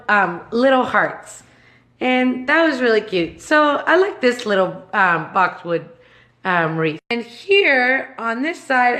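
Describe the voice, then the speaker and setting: Gushing woman with a slightly high voice. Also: a bit bright. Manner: gushing, affectionate and sentimental. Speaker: home decor vlogger. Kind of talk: casual chatty home tour vlog. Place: inside her own home. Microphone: handheld camera she turns around to film.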